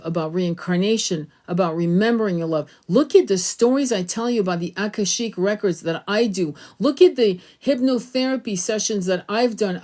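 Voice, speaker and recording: Rambling, swearing middle-aged woman storyteller. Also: darkish tone. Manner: rambling, emphatic, swears freely, acts out quotes in a high voice. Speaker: tarot reader and spiritual channel host. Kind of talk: casual spiritual monologue.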